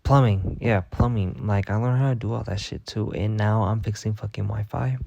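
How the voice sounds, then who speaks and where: A young man telling a rambling, profane story in a casual monologue, packed with filler words and deadpan bragging. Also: lowish voice, normal speed, creaky, dry recording, dull audio. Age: young adult. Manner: rambling, heavy on "like" fillers and swearing. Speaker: vlogger.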